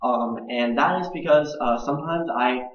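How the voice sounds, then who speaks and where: A man's voice: medium pitch, moderate pace. A young man in his twenties speaks in a personal video blog, stuttering often and repeating words and syllables. His delivery is earnest and grows more intense as he goes on. The sound is echoey and dull, like a home recording in a bare room. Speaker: video blogger.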